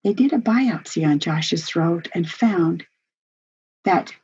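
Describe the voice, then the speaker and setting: Older woman with a husky voice. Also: on the low side, lively intonation, takes it slowly, a little mellow. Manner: earnest, heartfelt storytelling. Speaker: family workshop presenter. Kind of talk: personal storytelling talk. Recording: dull lo-fi recording.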